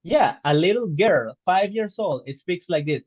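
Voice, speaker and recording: A man teaching an online English lesson, explaining slowly and patiently and checking understanding with questions. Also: high-pitched, lively intonation, no room sound, lo-fi sound. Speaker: English tutor.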